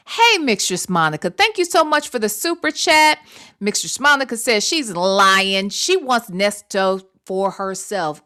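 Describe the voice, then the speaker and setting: A woman's voice: medium pitch, very animated, measured pace, bright, forceful tone. A woman hosting a casual online commentary show, blunt and sassy as she reacts and thanks viewers. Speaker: YouTube commentary host.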